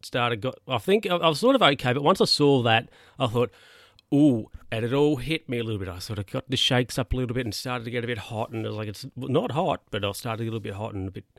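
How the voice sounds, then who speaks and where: A man's voice: mid-range voice, animated, quick pace, hardly any pauses, fairly bright tone, no room sound. Man, podcast host; chatty, rambling solo monologue, dry close recording. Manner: rambling, self-correcting, chatty.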